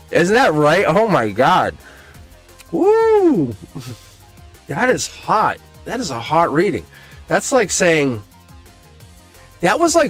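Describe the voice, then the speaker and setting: Excitable man with a lively, high voice. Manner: excitable, laughs often, swears freely. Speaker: tarot reader hosting a live stream. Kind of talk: casual live-stream tarot reading.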